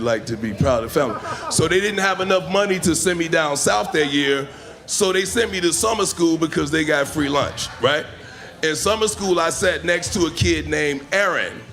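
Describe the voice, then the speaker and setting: A man's voice: a little high, fairly bright tone. A man from Chicago doing stand-up storytelling in a loose, swearing manner, on a handheld mic in a comedy club. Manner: loose, spells names aloud, swears.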